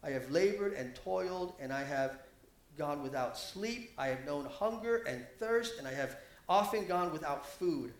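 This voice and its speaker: A man preaching a sermon, animated, his voice rising and getting louder when he quotes scripture. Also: on the high side, a little slow, roomy sound.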